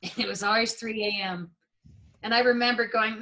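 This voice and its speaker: A woman being interviewed, telling her experiences in an expressive way and acting out her own reactions. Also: mid-range voice, moderate pace, rough recording. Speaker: interview guest. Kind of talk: animated storytelling in an interview.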